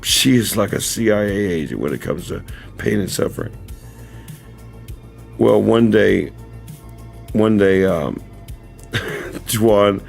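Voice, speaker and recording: A man with a low, gravelly voice talks straight to his livestream viewers in a loose, rambling way. He corrects himself mid-sentence and chuckles as he goes. Soft music plays faintly behind him. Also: animated, slow pace, pauses often. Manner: earnest and direct to viewers. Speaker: livestream host. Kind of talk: casual storytelling livestream. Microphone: camera mic.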